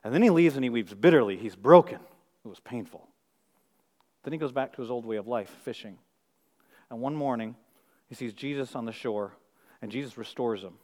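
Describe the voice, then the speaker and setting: A middle-aged male pastor preaching a sermon, firing rhetorical questions and swinging from hushed, intimate moments to loud emphasis. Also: mid-range voice, a little fast, pauses often, in a large hall.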